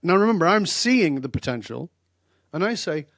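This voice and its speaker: An older man, a guest expert on a podcast, tells stories directly and emphatically in an animated way. His voice sits high and his pace is moderate; the recording is studio quality with no echo.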